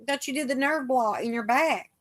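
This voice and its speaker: A woman's voice: high voice, normal speed, a bit bright. Chatty woman telling stories. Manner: chatty storyteller, acts out the doctors' lines. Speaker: host of a live chat. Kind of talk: casual live chat.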